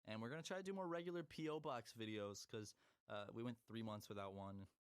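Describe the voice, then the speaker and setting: A man's voice: fairly low pitch, a little fast, clear, resonant tone, no room sound, studio quality. A young man co-hosting a podcast in casual chat, playful and joking. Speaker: podcast co-host.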